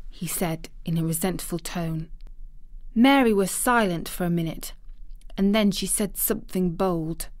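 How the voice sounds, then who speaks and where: A woman narrating a classic children's novel in calm, measured storytelling. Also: fairly low pitch, dry recording, clean studio sound. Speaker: audiobook narrator. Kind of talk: scripted narration.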